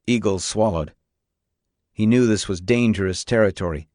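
A man narrating a novel in a steady, even storytelling manner. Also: lowish voice, moderate pace, no room sound, studio quality. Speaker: audiobook narrator. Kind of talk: scripted narration.

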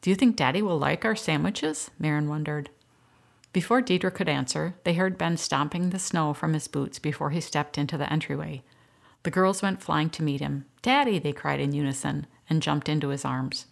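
A woman narrating an audiobook story in a steady, even storytelling manner. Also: deep voice, normal speed, creaky.

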